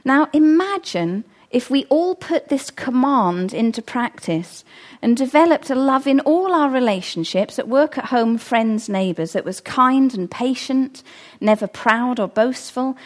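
A middle-aged woman delivers a sermon in an earnest, emphatic way. Her voice sits a little higher than most, and she leans on her key phrases by repeating them. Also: lively intonation, a little slow. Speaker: preacher.

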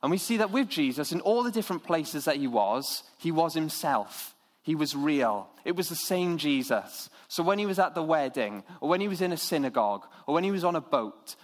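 A man delivers a sermon in an earnest, conversational way. His voice sits slightly higher than most men's, and he keeps things friendly and plain-spoken. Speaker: preacher.

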